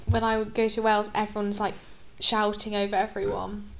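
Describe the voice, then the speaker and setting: A young woman co-hosting a podcast, giving brief, low-key replies in casual chat. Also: level tone, fairly quick, vocal fry, a little hiss or hum. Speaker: podcast co-host.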